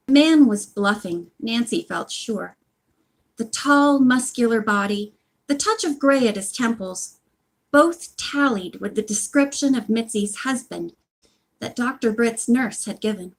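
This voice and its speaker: A woman's voice: fairly high pitch, a little slow. Brief: casual read-aloud host, woman, drifting into friendly asides. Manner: chatty, apologetic asides. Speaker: reader of a book series. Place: home.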